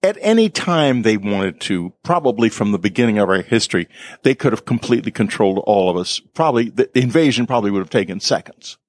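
A man's voice: lowish voice, big pitch swings, quick pace, darkish tone, dry recording, studio quality. A man hosting a casual conversation, speaking earnestly. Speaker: host.

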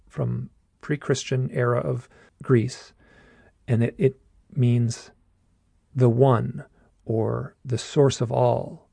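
Gravelly man telling a strange story. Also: mid-range voice, darkish tone, no room sound. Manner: halting, restarts often, says "like" a lot. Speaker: guest telling his own story. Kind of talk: casual storytelling.

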